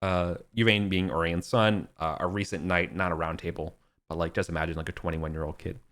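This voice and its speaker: A man's voice: low voice, steady tone, brisk, fairly bright tone. A young man running a tabletop game as game master, narrating loosely with plenty of fillers. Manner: loose and rambling, heavy on fillers.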